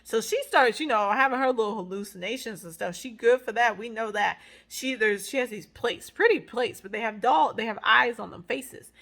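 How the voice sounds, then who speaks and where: A woman's voice: fairly high pitch, moderate pace, hardly any pauses. Chatty woman recapping a movie. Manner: animated and chatty, with dramatic asides. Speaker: movie reviewer. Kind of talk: casual movie recap vlog.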